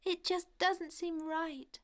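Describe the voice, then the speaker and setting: A sweet young fairy from a cartoon, gentle and easily amused. She speaks very high and slowly, with a soft, lilting softness. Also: level tone, heavily acted. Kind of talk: cartoon dub.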